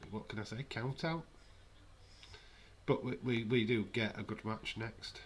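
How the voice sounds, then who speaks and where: A man's voice: mid-range voice, fairly even intonation, measured pace, slight background noise. A man hosting a live wrestling watch-along, chatting casually with sarcastic, rambling asides.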